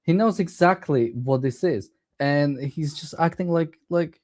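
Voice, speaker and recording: Excitable co-host man, mellow voice. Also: a little high, measured pace. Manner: excitable, indignant, lots of "like". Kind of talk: casual political chat.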